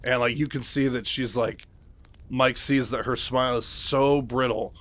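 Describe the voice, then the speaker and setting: A man's voice: medium pitch, steady tone, measured pace, a bit bright. A man casually retelling a novel, loose and full of fillers. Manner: loose, filler-heavy, lots of "like". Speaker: book retelling host.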